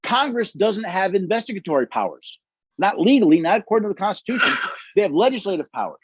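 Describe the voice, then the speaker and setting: A man's voice: sits high, very animated, fast, husky, dry recording, muffled recording. A man leading a constitution study session, telling stories emphatically and acting out the quotes, with audience questions. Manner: emphatic storytelling, acts out quotes.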